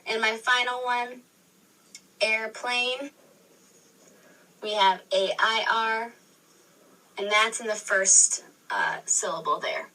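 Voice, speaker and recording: A woman's voice: fairly high pitch, fairly even intonation, slow pace, long pauses, pushed and bright. A woman teacher explaining a spelling lesson step by step, patiently restating and correcting herself. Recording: video re-recorded from a screen, distant mic.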